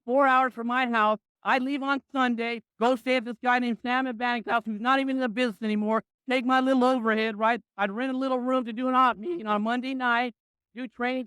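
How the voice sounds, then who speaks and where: A man's voice: very high-pitched, pushed and bright, clean tone, no echo. A man in his sixties giving a blunt, punchy motivational talk to a business crowd, often tossing in "right?".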